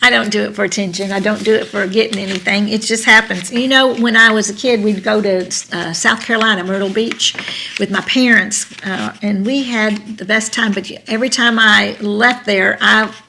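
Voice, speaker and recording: An older woman with a Southern American accent co-hosting a casual chat show, chatty and quick to laugh. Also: mid-range voice, fairly even intonation, gravelly, sharp tone, a little hiss or hum. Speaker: co-host.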